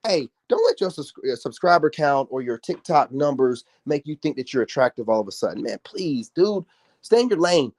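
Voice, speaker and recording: A man's voice: fairly high pitch, very animated, normal speed, darkish tone. Man, livestream rant, scolding and confrontational, slangy talk. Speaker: social media commentator. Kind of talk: ranting livestream commentary.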